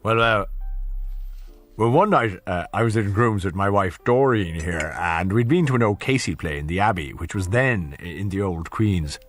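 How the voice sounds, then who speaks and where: An actor playing a boastful older businessman who tells crude pub anecdotes, laughing loudly at his own stories. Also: deep voice, moderate pace, soft background music. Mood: boisterous. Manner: boisterous, laughing, crude storytelling. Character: boastful older Dublin businessman, rowdy raconteur. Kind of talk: radio comedy sketch.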